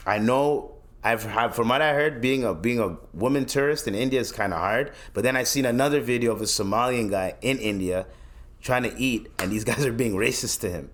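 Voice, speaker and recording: A man's voice: mid-range voice, a little fast, fairly bright tone. A young man from Canada hosting his own podcast, ranting bluntly and profanely in casual solo commentary, often restarting his sentences. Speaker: podcast host.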